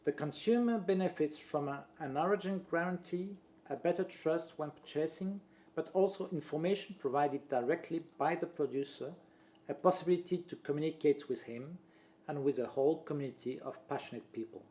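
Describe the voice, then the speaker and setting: A man, a presenter reading a marketing talk aloud in a steady voice and listing points one after another. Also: on the high side, brisk. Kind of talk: read-aloud presentation voice-over.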